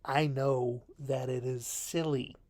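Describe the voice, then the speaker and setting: A man's voice: mid-range voice, steady tone, takes it slowly, darkish tone, no echo, clean studio sound. A man giving a rambling, jokey film review from his bedroom, often poking fun at himself. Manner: rambling, self-mocking, jokey. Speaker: video reviewer. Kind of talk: casual film review monologue.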